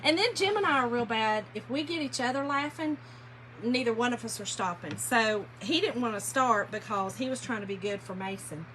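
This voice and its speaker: A woman's voice: on the high side, expressive, normal speed, fairly bright tone, poor audio. A woman hosting a casual livestream, telling stories and laughing while painting furniture. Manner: chatty, laughing storyteller, addresses viewers as y'all. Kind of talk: casual livestream chat to viewers. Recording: workshop noise, sanding and rubbing.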